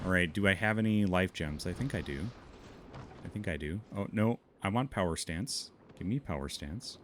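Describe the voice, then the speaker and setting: Streaming a game, a Montana man with a Minnesotan, Upper Midwestern accent talks casually with his chat and laughs a lot. His voice sits low, and there's background noise behind the gameplay commentary.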